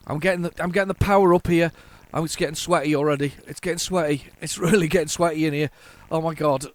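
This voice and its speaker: Excitable man commentating a retro game. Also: on the high side, fast. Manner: excitable, chatty, talks to viewers while playing; self-mocking, jokey asides. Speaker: retro gaming channel host. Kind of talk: casual gameplay commentary.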